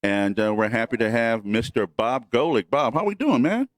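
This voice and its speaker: A man co-hosting a casual talk show, asking a guest questions in a relaxed, easygoing way. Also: mid-range voice, moderate pace, no echo. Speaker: co-host. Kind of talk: casual radio chat.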